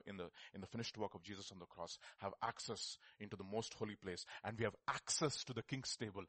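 A man preaching a sermon. He swings between loud, emphatic declarations and quiet, low asides, often restarting and repeating his phrases. The sound is close and dry. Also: dry recording.

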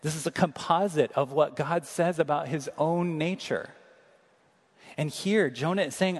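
A man preaching an earnest, emphatic sermon, slowing down to read scripture aloud. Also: fairly high pitch. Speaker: pastor. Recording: long reverb of a large hall.

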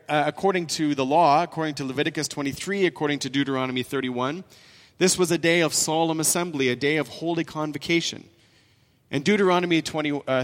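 A man preaching a sermon, with emphatic rises and soft drops in his delivery. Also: a little high. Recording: long reverb in a large hall.

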